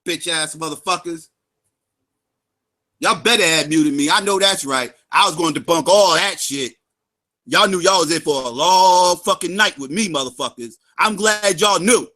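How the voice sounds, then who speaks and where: A man hosting a livestream, ranting angrily and profanely at his critics, shouting and taunting in a sing-song way and repeating his lines for emphasis. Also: fairly high pitch, moderate pace. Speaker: livestream host. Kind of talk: angry profane rant.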